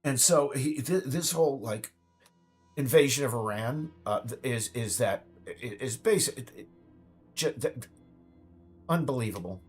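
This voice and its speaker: A man's voice: medium pitch, lively intonation, moderate pace, pauses often, slightly rough, soft background music. A man giving a ranting political monologue, stammering and restarting, now and then mocking others in put-on voices.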